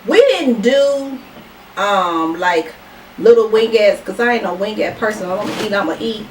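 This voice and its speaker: A woman's voice: medium pitch, expressive, normal speed. A woman hosting a mukbang video, chatting casually and colloquially as she eats, laughing often. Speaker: mukbang host. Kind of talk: casual chat while eating. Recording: roomy, distant mic with loud background noise.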